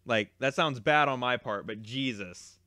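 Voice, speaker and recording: A man's voice: medium pitch, a little slow, bright, forceful tone, no echo, studio quality. A young man casually telling a long, rambling, exasperated story about a card game tournament, with frequent fillers and swearing. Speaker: YouTube card game creator.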